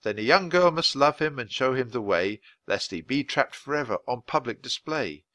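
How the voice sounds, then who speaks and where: A man's voice: medium pitch, lively intonation, normal speed, pushed and bright, no echo. A man as a cautious young boy. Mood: reading aloud. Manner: cautious, level-headed.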